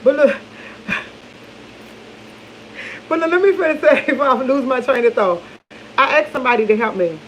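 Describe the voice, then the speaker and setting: Sipping morning coffee, this vlogger talks loosely to her y'all audience, laughing and drifting off her train of thought. Her high voice moves at normal speed with frequent pauses, and the rough recording carries slight background noise.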